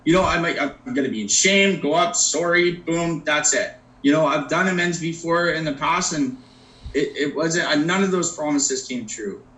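An earnest man gives a personal recovery talk, keeps checking in with his listeners, and speaks with a slightly high voice. He sits some distance from the microphone. The room around him rings with a noticeable echo. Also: normal speed, fairly bright tone. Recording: roomy echo, mic at a distance.

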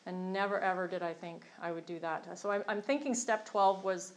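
A woman's voice: fairly low pitch, a little fast. A middle-aged woman giving a candid, rambling personal testimony with self-deprecating humor to a group in a meeting room. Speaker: speaker sharing her recovery story.

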